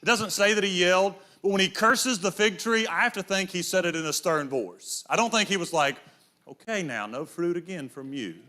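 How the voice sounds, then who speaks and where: Middle-aged guy preaching in church, high bright voice, tells stories and does little voices. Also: fairly quick, hardly any pauses. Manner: storytelling, acts out voices in quotes. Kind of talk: sermon.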